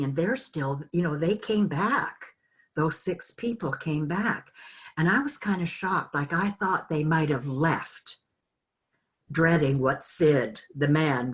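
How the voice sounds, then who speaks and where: An older woman teaching an online course, telling a personal story in a slow, halting, reflective way with many fillers. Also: sits low. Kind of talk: personal storytelling in a group call.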